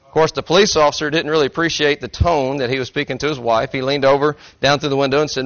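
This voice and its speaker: A man's voice: on the high side, steady tone, fast talker, few pauses, a bit bright. Folksy joking man preaching a sermon. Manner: folksy, self-deprecating, joking. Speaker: pastor. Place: church sanctuary. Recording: dry, slightly dull recording.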